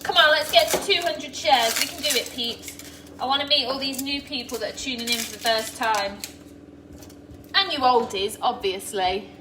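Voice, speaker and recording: A chatty middle-aged woman with a high voice talks her viewers through a recipe, calling out hellos to people by name as she cooks. She sounds a little distant from the mic, in an echoey kitchen where pots and pans clatter clearly behind her. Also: normal speed, noisy background. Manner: chatty, greets viewers by name while cooking. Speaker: host of a live cooking stream. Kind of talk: casual live cooking demo. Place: home kitchen.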